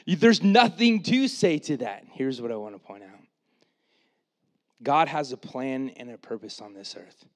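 A man preaching a sermon, retelling the story in a casual, animated way with quoted asides, then dropping to a quiet, earnest tone for his main points. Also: mid-range voice, unhurried. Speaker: pastor.

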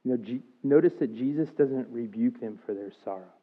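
A man's voice: medium pitch, fairly quick, husky. A man in his thirties preaching a sermon, earnest and confessional, rising to emphatic outbursts. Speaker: pastor. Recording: thin phone-like sound.

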